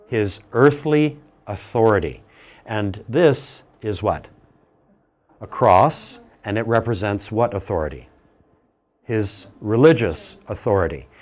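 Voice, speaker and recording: A middle-aged man with a lowish voice gives a classroom lecture, animated and teasing, posing questions to the class along the way.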